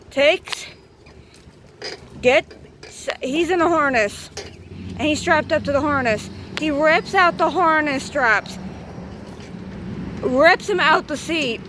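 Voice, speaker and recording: A woman in her thirties telling a rambling, excitable story for her vlog, swearing now and then. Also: sits high, background noise. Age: 30s. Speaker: vlogger.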